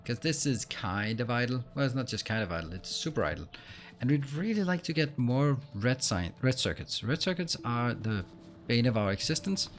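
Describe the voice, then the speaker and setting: A man hosting a let's play, explaining what he does as he plays and filling pauses with frequent ums and uhs. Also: medium pitch, very animated, faint music behind. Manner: explains while playing, with frequent fillers. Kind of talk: gameplay commentary.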